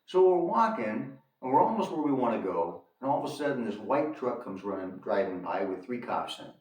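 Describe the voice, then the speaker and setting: A man's voice: medium pitch, very animated, a little fast, a little mellow. A man telling a story to his viewers in an emphatic rant, repeating lines for effect and calling them folks. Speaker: commentator on his own channel. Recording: echoey room, distant from mic.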